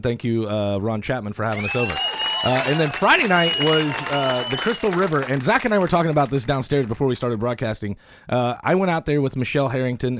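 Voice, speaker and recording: A man hosting a casual podcast, a stand-up comic who rambles with fillers, laughs often and gets excitable. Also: medium pitch, heavy background noise. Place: indoor podcast room. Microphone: studio mic, also on camera.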